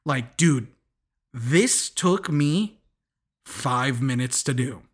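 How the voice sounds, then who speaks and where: Young male podcast host, slightly high voice, chatty and rambling, often laughing. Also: very animated, takes it slowly, fairly bright tone. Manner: rambling, chuckling, lots of restarts and asides. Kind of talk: casual podcast recap.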